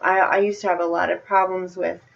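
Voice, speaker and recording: A woman taking part in a group call, speaking softly and hesitantly. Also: lowish voice, level tone, brisk, creaky, highs cut off. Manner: soft-spoken, hesitant. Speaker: workshop participant.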